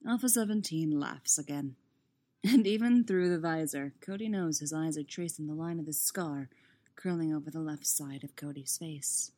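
A woman reading fan fiction aloud in a steady, expressive narration. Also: deep voice, normal speed. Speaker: audiobook reader.

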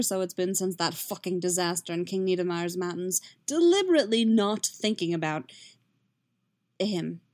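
A woman reading a story aloud in a soft, steady, intimate narration. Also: mid-range voice. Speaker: reader. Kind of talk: audiobook-style fiction reading.

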